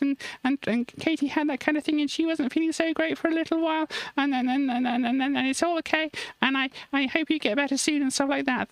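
A woman voicing a bubbly, childlike sidekick friend on a live stream, rambling and stammering happily in a high voice. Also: dry recording. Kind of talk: live stream character bit.

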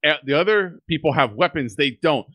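Guy cohost, bright and bouncy, laughs a lot telling the plot. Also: on the high side, lively intonation, fairly quick, dry recording. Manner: playful storyteller, laughing, acts out scenes. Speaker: podcast co-host. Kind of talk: casual movie chat.

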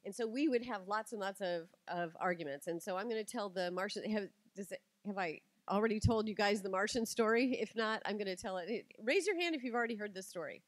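A middle-aged woman tells stories to a live audience and acts out each quoted line with energy. Her pitch sits in a medium range, and the recording is dry and close. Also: fairly quick, few pauses, dry recording. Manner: animated storytelling, acts out quotes. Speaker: speaker giving a talk. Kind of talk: lively talk to an audience.

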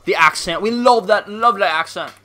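Against a noisy background, a gaming streamer with a high voice gives playful, goofy running commentary on a livestream. He talks at a moderate pace, punctuated by hyped exclamations.

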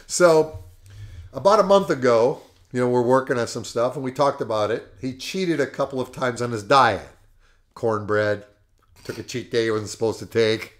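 A man hosting a podcast, telling a coaching story in a lively, emphatic way and laughing often. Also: medium pitch, normal speed. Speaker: podcast host and fitness coach. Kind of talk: casual storytelling.

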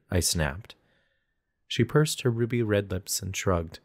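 Deep voiced guy reading an audiobook in first person, intense and dramatic. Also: lively intonation, takes it slowly. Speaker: audiobook narrator.

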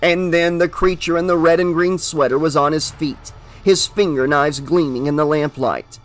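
A man reading a horror novel aloud as an audiobook, with steady, dramatic narration. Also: a little high, normal speed.

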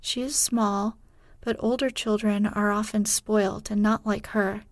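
A woman reading a brisk, pushy aunt. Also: medium pitch, flat delivery, no room sound, studio quality, close to an everyday voice. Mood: apologetic. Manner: polite but pushy. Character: brisk, bold young aunt servant.

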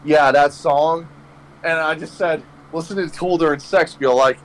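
A man's voice: fairly high pitch, fairly even intonation, a little slow, slight background noise, poor audio. Rambling young man telling a stoner story. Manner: rambling, heavy swearing, laughing at own jokes. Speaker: podcast host. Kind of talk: casual storytelling chat.

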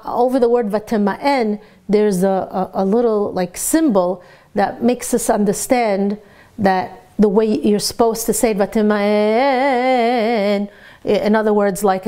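A middle-aged woman teaching a lively Torah lecture, animated, asking rhetorical questions and dropping in Hebrew terms. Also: on the high side.

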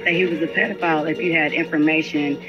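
A woman calling in to a livestream who speaks in a hesitant, halting way, with many fillers. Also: deep voice, steady tone. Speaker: caller. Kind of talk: call-in conversation. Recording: dull lo-fi stream audio with music.

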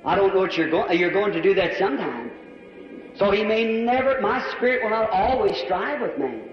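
A man preaches an altar call in a large church, his voice riding high. He pleads fervently, repeating his appeals again and again. The old, dull recording catches him from far off in a long, ringing hall. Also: expressive, normal speed, music in the background. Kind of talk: sermon altar call and prayer. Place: large church with balcony and box seats.

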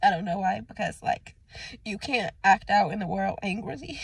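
A woman's voice: mid-range voice, moderate pace, gravelly, husky, no room sound. A woman in her twenties talking casually to camera in a vlog, venting her frustration and sometimes tearful. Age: 20s. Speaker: vlogger.

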